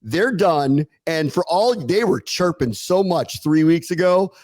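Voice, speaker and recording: Man, sports podcast co-host, animated, sarcastic, dry recording. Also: a little high, measured pace, no echo. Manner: animated, laughs often, sarcastic. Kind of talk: casual sports talk.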